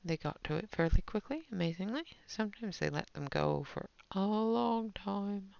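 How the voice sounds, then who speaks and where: A female streamer colours on camera while chatting casually with her viewers in chat. Her medium-pitched voice has lively intonation, a moderate pace, vocal fry and a slightly mellow quality, recorded without room sound on dull, lo-fi stream audio.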